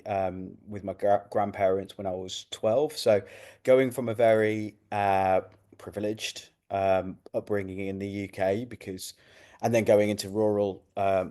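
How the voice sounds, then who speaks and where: Mellow-voiced English man, relaxed chat. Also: lowish voice. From United Kingdom. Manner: relaxed, reflective, many fillers and restarts. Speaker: guest. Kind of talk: casual interview chat.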